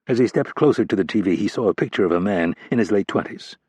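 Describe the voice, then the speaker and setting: A man narrates a thriller audiobook in a measured, steady manner. His voice sits low with a husky grain. The sound is close and dry, with no room around it. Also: no echo.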